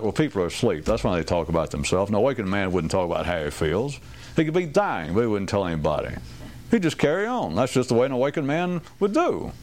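Man giving a rambling, animated talk. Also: fairly low pitch. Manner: rambling and wry, with quoted asides and chuckles; digressive, restarting sentences. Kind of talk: informal talk to a small group.

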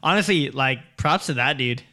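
Bright-voiced man in wry podcast chat. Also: mid-range voice, lively intonation, moderate pace. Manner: wry, laughing, sarcastic asides. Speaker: podcast co-host. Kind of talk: casual comic book review chat.

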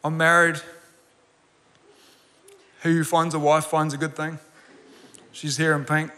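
Man in his 40s, pastor, bright forceful voice, earnest sermon delivery with emphatic repeats, long hall reverb. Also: on the high side, level tone, a little slow. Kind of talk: sermon with personal story.

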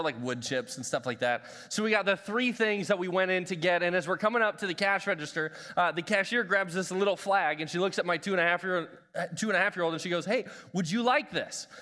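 A man in his thirties, a pastor giving a live sermon in a church with energetic, humorous storytelling. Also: sits high. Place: church sanctuary. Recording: reverberant church hall.

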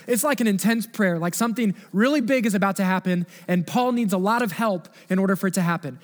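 A man's voice: high voice, fast, hardly any pauses. A man in his thirties preaching a sermon in an earnest way, often repeating words and rising with emphasis. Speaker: pastor. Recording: long reverb of a hall.

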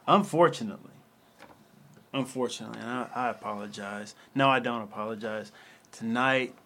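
A man hosting a casual chat show, animated and rambling, with some profanity. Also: medium pitch, moderate pace, slight background noise. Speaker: host.

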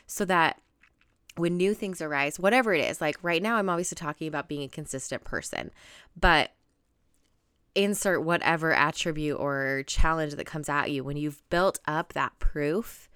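A woman's voice: sits low, moderate pace, fairly bright tone, clean tone, no echo, studio quality. A young woman hosting her own podcast, talking in a bubbly, gushing way with frequent laughs and gasps. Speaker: podcast host. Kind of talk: solo podcast monologue.

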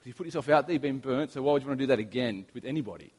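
A young Australian man preaching a sermon, telling relaxed, anecdotal stories with humor. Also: medium pitch, rapid-fire, breathy edge. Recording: long reverb of a large hall.

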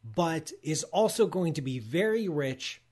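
A rambling, enthusiastic livestream host with a slightly high, mellow and breathy voice swings widely in pitch at a measured pace. During casual chat with a sponsor read and cheese tasting, he keeps interrupting himself with "like" and restarts.

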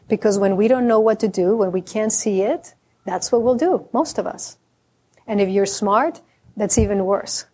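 Self-deprecating humor surfaces in a dharma talk from a woman Zen teacher whose voice is mellow and medium-pitched. She speaks reflectively and candidly, slowing down to emphasize key words.

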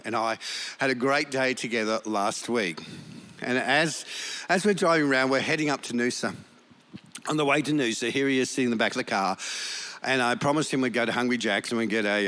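A man's voice: mid-range voice, a bit bright. An older man preaching a sermon, emphatic and fond of repeating lines for effect. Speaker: pastor. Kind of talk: sermon with personal story.

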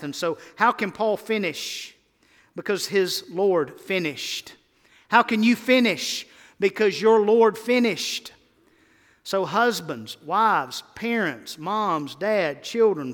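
A man preaching a sermon as pastor, emphatic, swinging between loud exhortation and quiet earnest tones. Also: high voice, moderate pace, long reverb tail.

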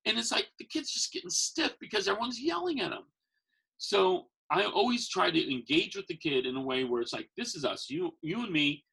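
Brisk and high-voiced, this professional Santa and magician sounds creaky, husky, pushed and bright, with big pitch swings. His casual storytelling rambles as he acts out quoted people, on a rough recording.

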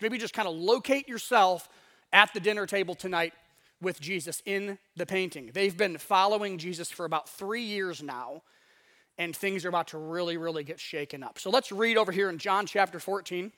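Bright-voiced, high-pitched male pastor. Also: normal speed. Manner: conversational, acts out voices in asides. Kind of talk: casual sermon. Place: church sanctuary.

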